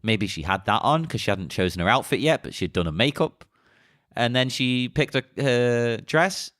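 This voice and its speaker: Podcast co-host, man, lively up-and-down voice, dry close mic, chatty. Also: medium pitch, moderate pace, no room sound. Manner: chatty, lively storytelling with short laughs. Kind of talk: casual chat.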